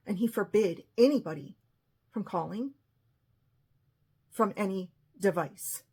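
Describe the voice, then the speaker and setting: A woman with a husky voice telling an emotional personal story, often quoting what others said. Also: mid-range voice, animated, measured pace, pauses often, darkish tone.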